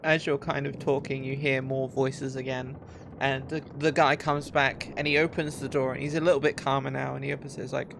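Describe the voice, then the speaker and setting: Gravelly dm rambling thru the scene, lots of um and like. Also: mid-range voice, little pitch movement, normal speed, fairly bright tone, a little hiss or hum. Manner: loose, filler-heavy narration. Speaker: game master. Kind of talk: narrating a tabletop game.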